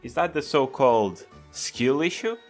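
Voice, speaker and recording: Dude trolling a chatbot, deadpan, low and chill, reads the story out, faint music behind. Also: male voice, measured pace, vocal fry. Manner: deadpan, mock-casual, trolling. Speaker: YouTuber role-playing with an AI chatbot. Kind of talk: comedic role-play chat and narration.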